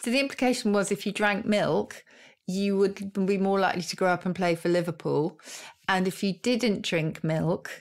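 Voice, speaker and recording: A woman co-hosting a podcast, explaining word origins in a warm, chatty way and laughing easily. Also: mid-range voice, steady tone, moderate pace. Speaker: podcast co-host, word expert. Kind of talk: casual chat about words.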